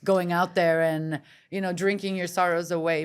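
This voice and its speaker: A woman's voice: fairly low pitch, level tone, moderate pace, clear, resonant tone. A woman hosting a podcast interview, chatty and affirming, reflecting the guest's story back to her. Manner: warm, affirming, chatty with lots of backchannel. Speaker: podcast host. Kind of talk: casual interview.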